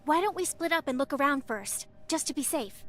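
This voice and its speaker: A woman's voice: high voice, lively intonation, fairly quick, fairly bright tone, faint music behind. A woman voicing a cheerful, chatty young female rookie hunter in a game. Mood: friendly.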